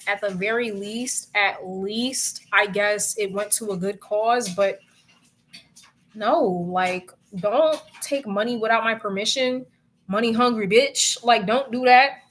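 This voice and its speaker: Bright-voiced young woman ranting casually. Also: mid-range voice. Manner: animated, profane and exasperated ranting. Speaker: vlogger. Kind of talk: casual chat to viewers.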